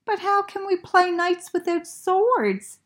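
A woman reading aloud, voicing an excited young boy bear from a storybook who calls out urgently to his friend. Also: very high-pitched, takes it slowly, voice pushed up, exaggerated voice.

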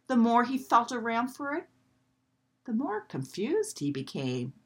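A woman reading a children's storybook aloud in a gentle, expressive way. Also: on the high side, unhurried, slightly rough.

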